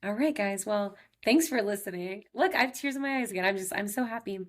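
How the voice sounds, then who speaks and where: In a mid-range voice and at a slightly fast clip, a Texan podcast host in her thirties delivers a casual monologue of personal stories. She comes across as chatty, emotional, and upbeat, with heavy use of "like" and "he's like."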